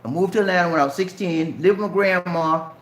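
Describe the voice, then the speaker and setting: This middle-aged man from Charleston, South Carolina, speaks with a light Southern Geechee accent as he casually takes viewer questions on a live stream, chatting and calling them "man" and "bro." He's a fast talker with a high-pitched, slightly bright, reverberant voice.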